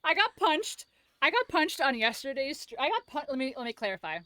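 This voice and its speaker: A woman's voice: high voice, very animated, fairly quick, sharp tone, no room sound. A young woman streaming a game, joking, swearing and laughing as she plays. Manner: profane, joking, laughs often. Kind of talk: live gameplay commentary.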